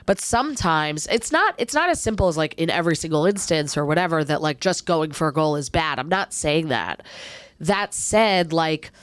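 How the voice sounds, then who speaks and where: Podcast co-host, woman in her thirties, low and smooth, dry close sound, reflective chat. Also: expressive, normal speed, no room sound. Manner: reflective, talks in long searching runs. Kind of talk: casual chat.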